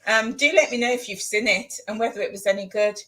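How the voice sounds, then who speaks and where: A woman vlogger chats casually in her home kitchen while cooking, rambling and repeating phrases for emphasis. Her mid-range voice moves fast, and there is heavy background noise.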